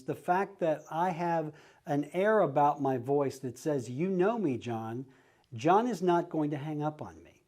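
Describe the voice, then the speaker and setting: A man's voice: on the high side, darkish tone. A middle-aged man, teaching real estate agents how to cold call, acting out friendly, familiar phone greetings. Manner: acts out friendly phone calls in a casual, familiar tone. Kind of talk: instructional talk.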